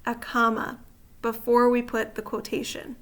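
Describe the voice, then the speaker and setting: A woman's voice: fairly high pitch, monotone, unhurried, a bit bright. A woman teacher patiently walking through slides on a grammar lesson, often checking in with the listener. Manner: patient, explanatory, asks rhetorical check-in questions. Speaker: writing teacher.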